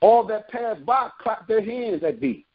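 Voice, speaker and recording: Husky high-voiced man preaching scripture. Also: lively intonation, a little slow, phone-quality sound. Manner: reads verses then breaks into slangy asides. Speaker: street preacher.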